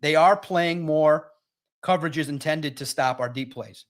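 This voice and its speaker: A man's voice: fairly high pitch, measured pace. A man hosting a live sports stream, talking casually and with energy straight to his chat viewers. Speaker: sports livestream host.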